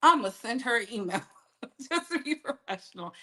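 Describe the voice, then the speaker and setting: Woman gossip host on a livestream, high voice, chatty and animated, talks right to her chat. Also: normal speed.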